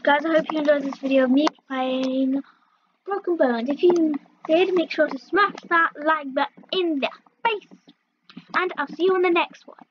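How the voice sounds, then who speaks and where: A woman's voice: high-pitched, normal speed, lo-fi sound, slight background noise. A woman casually commenting as she plays a video game, playfully yelping and groaning at each fall. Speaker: gaming video host. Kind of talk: casual let's-play commentary.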